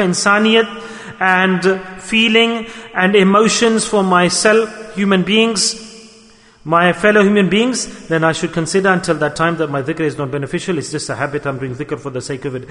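A man's voice: sits high, fairly even intonation, normal speed, a bit bright, long reverb tail. A man preaching a storytelling sermon in an earnest, repetitive way, full of rhetorical questions.

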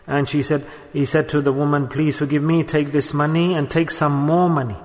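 A man delivers a sermon with a somewhat high voice, moving between storytelling and recited Arabic verses. His voice rings with a long reverb, as if he is speaking in a large hall. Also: level tone, normal speed, darkish tone. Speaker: preacher.

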